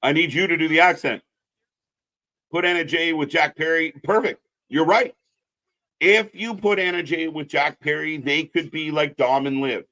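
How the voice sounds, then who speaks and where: A man's voice: on the high side, fairly even intonation, moderate pace, sharp tone. Blunt, profane man ranting about wrestling. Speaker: wrestling stream co-host. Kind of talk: casual live commentary chat.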